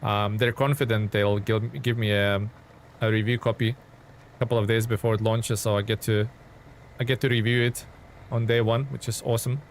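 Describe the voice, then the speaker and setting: A man's voice: on the low side, steady tone, normal speed, slight background noise. A man streaming a game live, chatting casually with viewers and rambling through his thoughts with frequent restarts. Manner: rambling, restarts often, answers chat by name.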